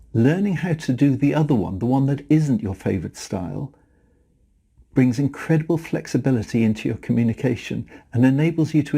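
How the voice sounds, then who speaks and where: A man's voice: mid-range voice, gravelly, breathy edge. A man narrating a lesson on communication styles and demonstrating them with his own voice. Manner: demonstrates speaking styles, flat falling delivery then bouncy rising lilt. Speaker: communication trainer. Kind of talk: scripted instructional narration.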